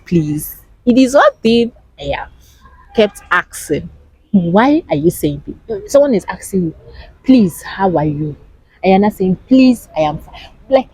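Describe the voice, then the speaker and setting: A young woman with a Nigerian accent, chatting casually to camera in an animated way and asking rhetorical questions. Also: on the low side, breathy edge, no room sound, low-quality recording. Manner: animated, asks rhetorical questions, laughs often. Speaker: vlogger.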